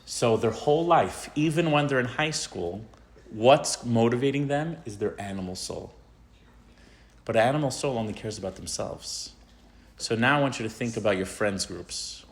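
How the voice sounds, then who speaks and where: A rabbi giving an informal, animated talk to teenagers. He tells a story and often asks the audience questions. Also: mid-range voice, moderate pace. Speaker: rabbi teaching teens.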